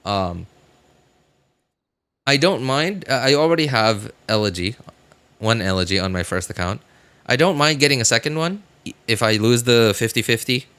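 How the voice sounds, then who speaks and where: A man's voice: medium pitch, expressive, moderate pace, long pauses, fairly bright tone, clean tone. A man streaming a game, chatting casually and rambling, with many fillers, restarts and self-corrections. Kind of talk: casual live-stream chat.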